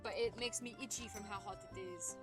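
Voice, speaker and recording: With game music clearly audible behind her, a young woman livestreams a game and chats cheerfully with her viewers as she plays. Her medium-pitched voice is fairly even in intonation and brisk, and her manner is bubbly and talkative.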